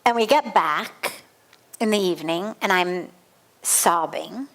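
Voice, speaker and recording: Speaking slowly in a lowish, fairly bright voice, a middle-aged woman leads a satsang as a spiritual teacher. She recounts something from her own life, stressing points vividly and earnestly and circling back to the same phrases.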